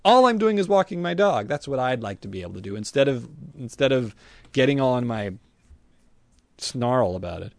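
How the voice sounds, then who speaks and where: Lively, self-mocking man in dry chat. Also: medium pitch, moderate pace, gravelly, no echo. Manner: self-deprecating, acts out grumbling inner voices. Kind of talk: casual podcast chat.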